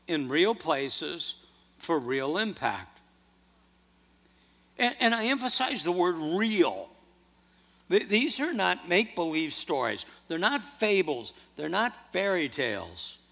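Male pastor, sermon, high bright voice, animated delivery, reverberant church hall. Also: creaky. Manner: animated, earnest preaching with restarts.

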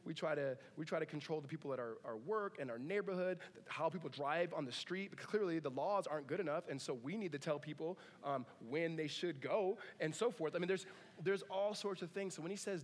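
A man with a notably high voice preaches a sermon in a church, talking in a loose, conversational way with jokes and asides. His voice carries a long reverb from the hall around him. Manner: conversational and joking, with asides and laughs. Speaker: pastor. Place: church sanctuary.

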